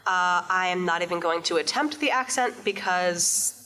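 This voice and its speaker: A woman's voice: on the low side, normal speed, bright, forceful tone, slight background noise, low-quality recording. A woman playing a tabletop game live, sheepish and laughing as she speaks. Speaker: player. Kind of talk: casual chat at a live game show. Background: crowd.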